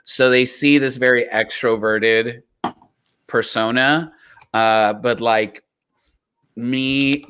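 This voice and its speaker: A man co-hosting a casual live-stream chat, talking in a soft, hesitant, self-deprecating way. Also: mid-range voice, steady tone, slow pace, long pauses, clean tone. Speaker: co-host.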